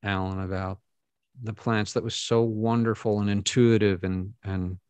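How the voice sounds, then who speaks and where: Deep-voiced man telling stories earnestly. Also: little pitch movement, measured pace, a little mellow, clear, resonant tone, dry recording. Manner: earnest, storytelling, rambling asides. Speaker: guest. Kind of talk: casual conversation.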